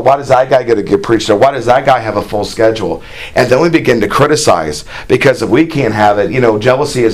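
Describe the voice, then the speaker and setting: A man preaching a sermon in a folksy, conversational way, with plain asides and imagined dialogue. He reads scripture aloud in a raised, more animated voice. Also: mid-range voice.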